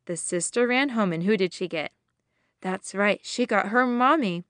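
Woman host of a kids' devotional, slow sing-song storyteller who asks questions, dry close recording. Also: mid-range voice, a bit bright, no room sound. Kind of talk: children's Bible storytelling.

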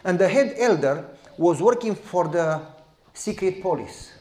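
A man, preaching as a pastor and telling a story in a lively, direct way. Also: high voice, unhurried, roomy sound. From Romania. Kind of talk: sermon storytelling.

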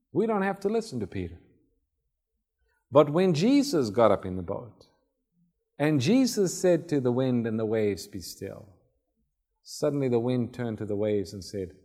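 Male preacher, relaxed storytelling sermon delivery, acts out scenes. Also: mid-range voice. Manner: conversational, acts out Bible scenes.

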